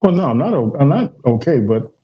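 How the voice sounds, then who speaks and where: A man's voice: medium pitch, big pitch swings, brisk, highs cut off. A man co-hosting a podcast, chiming in with short jokes and remarks. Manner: short interjections, joking. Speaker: podcast co-host. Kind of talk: casual podcast chat.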